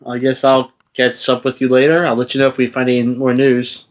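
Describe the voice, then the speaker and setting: Brief: casual male tabletop player, mid-pitched voice. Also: monotone, brisk. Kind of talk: tabletop role-play chat.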